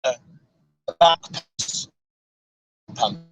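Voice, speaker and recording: A man's voice: very slow, highs cut off, a little hiss or hum. A male host on a live stream in a moving car, reading viewer comments aloud in an easygoing way. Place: inside a moving car on a road trip.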